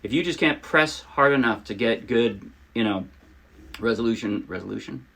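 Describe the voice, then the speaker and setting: A man's voice: medium pitch, expressive, moderate pace, vocal fry, heavy background noise. A man giving a casual ukulele lesson, chatty and a little self-deprecating, demonstrating as he talks. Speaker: ukulele teacher. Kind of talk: casual tutorial talk. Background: ukulele playing.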